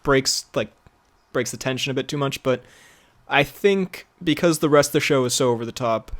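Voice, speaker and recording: A man co-hosting a podcast in casual chat, animated and laughing often as he talks. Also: mid-range voice, normal speed. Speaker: podcast co-host.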